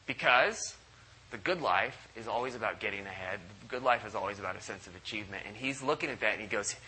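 A man preaching a sermon at a church service, animated and acting out quoted voices. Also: fast, a little hiss or hum, rough recording. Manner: animated, acts out quoted voices with big pitch jumps. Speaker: pastor.

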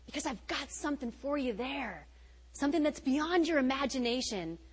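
A woman giving a sermon as a retreat's guest speaker, telling stories with laughter and swinging between loud emphasis and soft, quiet lines. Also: high voice, moderate pace, big-room sound, rough recording. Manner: animated, laughing storytelling.

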